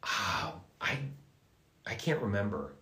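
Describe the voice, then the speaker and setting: A man, a voice actor, casually telling stories and answering fans' questions in a live session, in a halting way with frequent restarts and repeated words. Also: fairly low pitch, very animated, pushed and bright. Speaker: voice actor guest at an autograph livestream. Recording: roomy echo.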